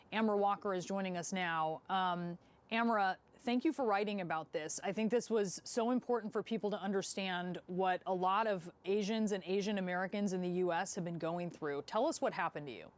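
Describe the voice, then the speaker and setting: A woman news anchor opening a story and interviewing a guest, in a measured, steady manner. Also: mid-range voice.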